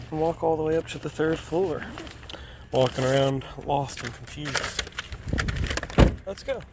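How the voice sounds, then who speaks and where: Chatty man over loud road noise. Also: medium pitch. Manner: chatty and amused, laughs often. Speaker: food delivery driver. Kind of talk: casual vlog narration. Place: in a car and walking between stops.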